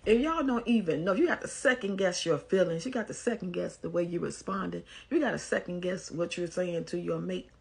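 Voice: mid-range voice, fairly quick, gravelly, few pauses, a little mellow, slightly rough. An advice commentator, reading a post aloud and giving blunt, scolding commentary in a casual way.

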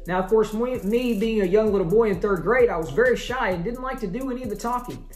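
A man chatting to camera in a casual vlog, full of excitable, dramatic exclamations. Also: sits high, fast. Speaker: family vlogger. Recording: roomy echo with faint music.

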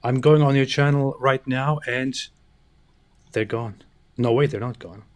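A man's voice: medium pitch, fairly even intonation, unhurried. A man co-hosting a casual livestream, rambling and teasing, laughing often.

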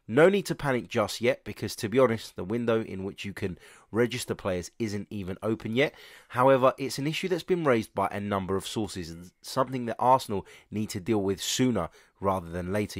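Male podcast host, lowish voice, stuffy and congested, chatty and opinionated, dry close sound. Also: no room sound. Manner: chatty and opinionated, addresses listeners directly. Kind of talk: transfer news update.

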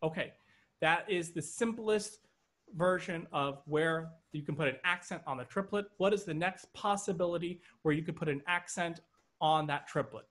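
A man's voice: fairly high pitch, moderate pace, fairly bright tone. Man counting triplets in a drum lesson. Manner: counts triplets aloud in rhythm, playful. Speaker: drum instructor. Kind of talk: online music lesson. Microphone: video call.

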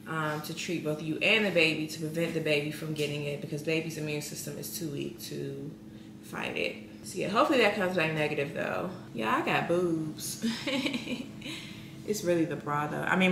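Young woman, casual vlog chat, congested, lowish voice, roomy echo, faint hiss. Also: creaky. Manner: chatty, rambling with many fillers. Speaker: vlogger.

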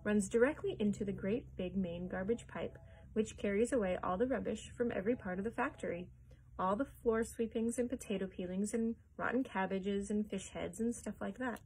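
A woman voicing a calm, eccentric male factory owner in a children's storybook read-aloud, hushed and matter-of-fact. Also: mid-range voice, normal speed, a little hiss or hum, close to an everyday voice, poor audio.

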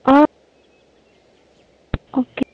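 A woman chatting casually in voice chat, speaking in a hesitant, halting way. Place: virtual-world voice chat. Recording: tinny voice-chat audio, faint hiss.

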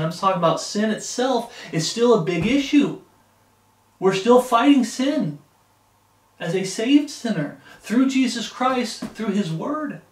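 A high-voiced man preaches with fervor, swelling into emphatic bursts. He stands back from the mic, and his words ring through a roomy, echoing space. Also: recorded from a distance. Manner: fervent, rising to emphatic bursts. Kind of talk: sermon.

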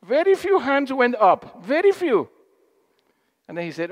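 A man gives a spiritual talk to an audience, with a high voice that swoops up and down as he tells stories and asks the crowd questions. He speaks slowly and with care. Long hall reverb trails after each phrase. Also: very animated. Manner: storytelling with questions to the audience, acting out quotes.

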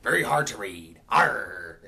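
A man's voice: medium pitch, big pitch swings, unhurried, pushed and bright. A man running his own channel, talking in hammy pirate speak in a rambling, self-correcting casual vlog. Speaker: channel owner.

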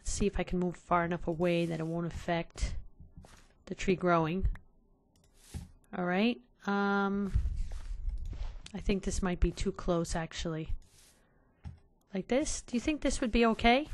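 A woman's voice: on the low side, unhurried, pauses often. A woman hosting a casual let's play, talking to her viewers in an exasperated way and sighing often. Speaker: gaming channel host.

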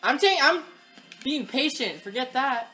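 A woman giving live gameplay commentary, excitable, talking to the game and yelling at opponents. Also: sits high, moderate pace, faint music behind. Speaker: gaming channel host.

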